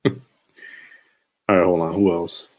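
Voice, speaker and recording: A man's voice: low-pitched, level tone, drawn-out words, a little mellow. A young man streaming late at night, chatting in a laid-back, slangy, rambling way and chuckling to himself. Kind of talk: casual late-night live stream chat.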